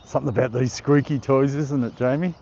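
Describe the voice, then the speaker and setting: A man's voice: mid-range voice, steady tone, brisk, dark tone, muffled recording, a little hiss or hum. A middle-aged Australian man hosting a casual live stream outdoors, reading viewer comments aloud and laughing often. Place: outdoor park.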